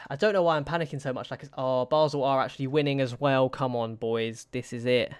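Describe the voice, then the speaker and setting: Over a football management game, a young gaming YouTuber frets, sighs between matches and pleads with his players in casual commentary. His voice is smooth, clear and of ordinary pitch, with fairly even intonation and a brisk pace, recorded dry and close with no echo.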